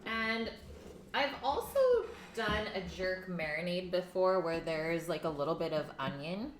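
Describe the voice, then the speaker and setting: Young woman, low voice, chatty streamer, cooking chat, echoey kitchen, faint background music. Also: a little slow, noisy background. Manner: chatty, reads chat names aloud, talks while eating. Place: home kitchen.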